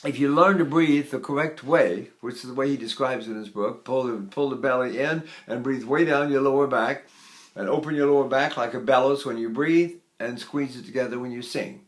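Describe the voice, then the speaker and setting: A man in his eighties giving a spoken voice lesson in an unhurried, explanatory way, now and then singing or breathing to demonstrate. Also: mid-range voice. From United States. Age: 80s. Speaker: voice teacher.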